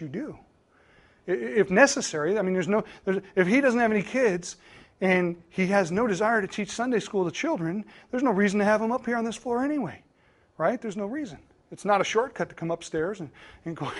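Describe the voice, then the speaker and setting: A man in his thirties with a notably high-pitched voice, speaking as a pastor in a church training talk. He talks earnestly and conversationally, moving from guidance to stories from his own ministry.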